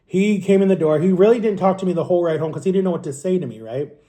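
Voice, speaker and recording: A man in his thirties talks straight to camera, rambling and candid, often stopping to correct himself. His voice sits a little high for a man, with a warm, mellow tone. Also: very fast. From Florida. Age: 30s. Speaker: vlogger. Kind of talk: casual storytelling to camera. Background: eating on camera.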